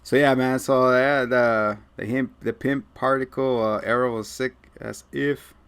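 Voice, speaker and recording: A man's voice: mid-range voice, fairly even intonation, a little slow, a bit bright, smooth. Joking man recapping a show. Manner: loose and joking, acts out characters, swears. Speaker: podcast co-host. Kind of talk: casual chat recapping a TV episode.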